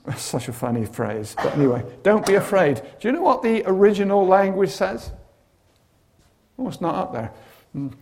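A man's voice: sits high, moderate pace, creaky, a little hiss or hum. A man preaching a sermon, telling stories with dramatic flair and humorous asides. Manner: animated storytelling with humorous asides.

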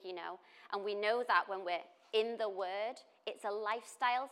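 Chatty woman giving a sermon. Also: mid-range voice. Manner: conversational, with chatty asides and restarts. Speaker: church speaker.

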